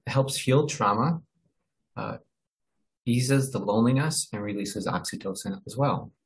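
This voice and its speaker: A man presenting in a webinar, explaining ideas in a halting way with many fillers and restarts. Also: mid-range voice, low-quality recording. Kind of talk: informal educational talk.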